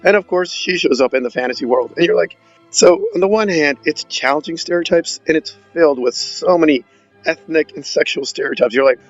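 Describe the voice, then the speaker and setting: A man's voice: fairly high pitch, fairly quick, highs cut off, soft background music. A man giving a sarcastic, exasperated film review, mocking the movie as he goes. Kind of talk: opinionated film review monologue.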